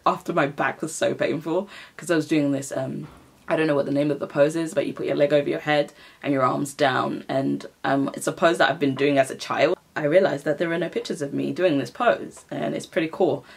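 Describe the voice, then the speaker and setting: Talking to camera from inside her home, a young writing vlogger rambles in a self-deprecating way, laughing frequently. She has a deep, husky voice with vocal fry.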